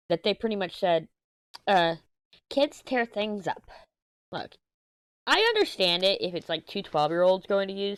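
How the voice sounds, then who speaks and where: Her voice sits on the low side, recorded clean in a studio with no room sound. She's a crafting channel host in her 30s, diamond painting as she chats casually and wanders through a story, fixing her own slips as she goes.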